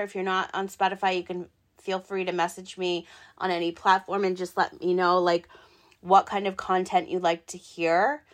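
A woman in her thirties hosting her own podcast, talking in a chatty, excitable, rambling way with lots of fillers. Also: mid-range voice. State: hiccups. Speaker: podcast host. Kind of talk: casual solo podcast talk.

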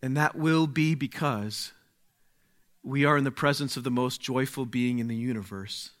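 A man preaching a sermon, speaking slowly and deliberately, dropping to a hush and then rising to exclaim. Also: medium pitch. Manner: slow, deliberate, swings from hushed to exclaiming.

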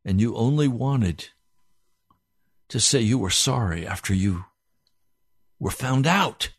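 A man voicing a stern mother who lectures her son in a measured, firm tone. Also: mid-range voice, lively intonation, slightly rough, no echo, clean studio sound, full character voice.

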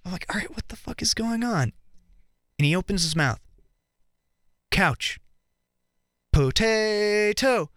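A man's voice: high voice, a little fast, dry recording. A young man, a podcast guest, telling a crude first-date story with lots of swearing in a college radio studio. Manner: animated, crude, swears freely. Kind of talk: casual storytelling.

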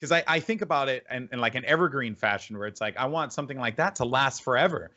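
An esports host talks through a story with animated energy, stumbling over restarts and fillers. His voice is bright and forceful. The sound is dull and lo-fi. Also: mid-range voice, quick pace. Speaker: esports event host and announcer. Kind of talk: casual interview storytelling.

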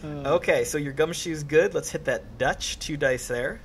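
A man running a tabletop horror game as game master, calm and encouraging, with faint background noise. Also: fairly high pitch, unhurried. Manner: calm, encouraging, dramatic narration at the close.

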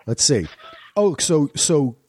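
A man from New Jersey hosting a casual group chat over a call, lively and quick to laugh. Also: a little high, slightly rough, no echo, clean studio sound. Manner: lively, animated, laughs easily. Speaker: podcast host. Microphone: home microphone on a call.

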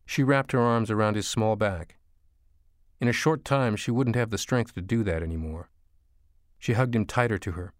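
A man reading an audiobook as narrator, slow and hushed storytelling. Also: lowish voice, no echo, studio quality. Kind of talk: scripted narration.

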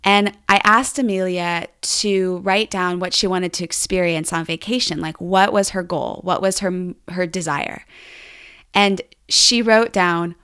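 A woman hosting a podcast, telling a family story with animated enthusiasm. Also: on the low side, a little slow, smooth. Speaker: podcast host.

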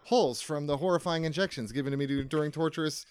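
A man playing a rambling, deadpan vault dweller from a wasteland, improvising as a comedian in character with a dry sound. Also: on the high side, fast talker, clear, resonant tone, no echo, close to an everyday voice.

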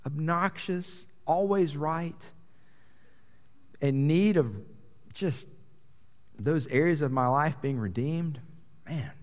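In a church sanctuary, a young pastor delivers a casual, conversational sermon with a joking, self-deprecating manner. His mid-range voice is lively in intonation and darkish in tone, slow with long pauses, and the recording carries the long reverb of a large church hall.

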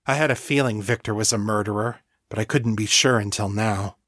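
Dude doing a grave quiet pregnant teen girl, flat and blunt, dry sound. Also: lowish voice, a little fast, dry recording.

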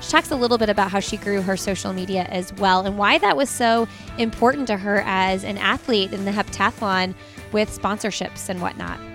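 A woman's voice: medium pitch, brisk, a bit bright, faint music behind. A woman hosting a podcast, chatty and upbeat as she introduces a guest and interviews her. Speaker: podcast host.

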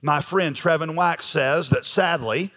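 In a church sanctuary, a male pastor delivers his sermon in an unhurried, conversational way, filling it with frequent fillers. His voice sits on the high side with a fairly bright tone, and the sound has a large hall's long reverb.

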